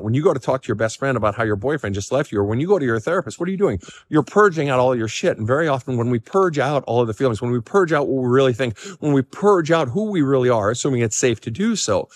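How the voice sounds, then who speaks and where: A middle-aged man giving casual, blunt advice as a counselor, swearing freely and pressing his points hard. He stands outside in the cold, bouncing on his feet, his voice dry and close with a long tail of reverb behind it. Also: mid-range voice. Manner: jumping up and down from cold and excitement. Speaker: counselor answering listener questions. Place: outdoors in the cold.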